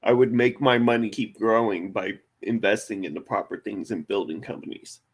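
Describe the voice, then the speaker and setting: A man's voice: on the low side, fairly even intonation, normal speed, breathy edge. A man hosting a casual podcast chat, brash and joking with lots of swearing. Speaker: podcast host.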